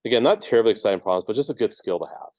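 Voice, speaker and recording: Low-voiced man teaching a math class. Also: expressive, racing, darkish tone, no echo. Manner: casual, explains step by step with frequent ums and "right?". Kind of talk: classroom lecture.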